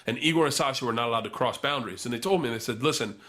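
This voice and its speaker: A man's voice: medium pitch, very fast. A young man telling a wild story in casual podcast chat, swearing freely and acting out the other people's voices. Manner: animated, profane storyteller who acts out voices. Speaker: podcast guest.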